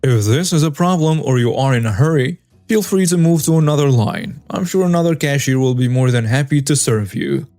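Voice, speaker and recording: A man voicing a young female cashier who answers politely and calmly. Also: mid-range voice, fairly quick, hardly any pauses, no room sound, faint music behind, lightly acted. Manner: polite, calm, apologetic.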